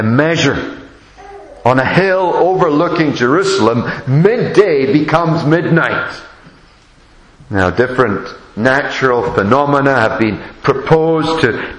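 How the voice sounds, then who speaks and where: Slow, measured preacher in an echoey church. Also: male voice, mid-range voice. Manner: slow, measured, reflective delivery with frequent restarts. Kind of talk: sermon. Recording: echoey room.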